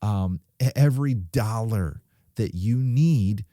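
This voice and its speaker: A man preaching to young people, urging them with stories and sudden quiet drops, recorded close and dry. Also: on the low side, animated, slow pace, no echo.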